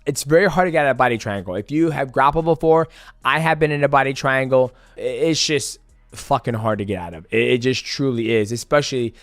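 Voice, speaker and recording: A man's voice: mid-range voice, fairly quick, fairly bright tone, no echo, clean studio sound, faint music behind. A man in his thirties giving a casual, profane fight breakdown and acting out the moves as he explains. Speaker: fight analyst.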